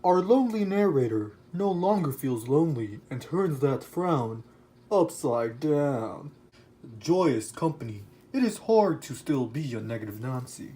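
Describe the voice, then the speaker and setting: A man's voice: mid-range voice, very animated, measured pace, dark tone. A man playing an earnest romantic poet. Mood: explaining. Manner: lecturing, explanatory.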